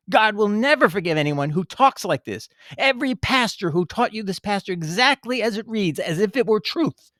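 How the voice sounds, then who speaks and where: A man's voice: high-pitched, fairly bright tone, no echo, clean studio sound. A man giving impassioned, emphatic commentary on scripture, scolding his listeners and digressing often. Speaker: bible teacher.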